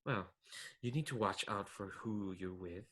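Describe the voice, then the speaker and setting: A man plays a regretful male ghost of an alchemist who counsels his living friend. He speaks softly and slowly, chiding and ominous. His voice sits low but sounds bright and forceful. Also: breathy edge, poor audio. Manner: soft, slow, chiding and ominous.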